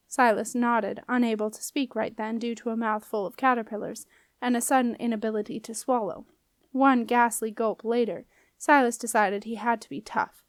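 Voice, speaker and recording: A woman reading a children's fantasy novel aloud in an even, measured storytelling voice. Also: a little high, dry recording. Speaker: audiobook reader. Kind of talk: audiobook narration.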